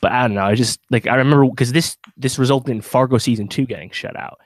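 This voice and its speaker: A man co-hosts a podcast in casual chat, rambling with plenty of fillers and restarts. His mid-range voice is fast, and there is no room sound.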